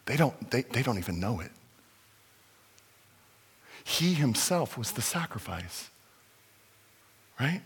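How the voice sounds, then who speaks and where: Pastor guy preaching, super animated, jumps from loud to hushed, big echoey hall. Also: mid-range voice, husky. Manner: animated, acts out scenes, swings from loud excitement to hushed. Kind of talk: sermon. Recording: long hall reverb.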